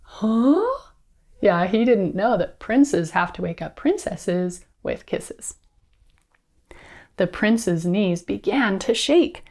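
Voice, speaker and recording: A woman teacher reading a picture book aloud to children, expressive and coaxing them to join in. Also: medium pitch, slow pace.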